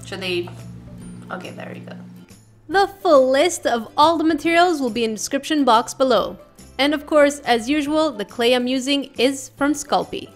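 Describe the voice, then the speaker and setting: A woman's voice: high voice, moderate pace, faint music behind. A woman hosting a craft tutorial in a casual voice-over, playful and full of jokey asides.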